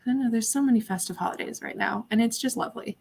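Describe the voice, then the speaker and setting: A woman's voice: a little high, fast talker, vocal fry, a little mellow, breathy edge. Chatty giggly young woman streaming. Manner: chatty and giggly, talking to chat. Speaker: livestream host. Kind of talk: casual livestream chat. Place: her apartment.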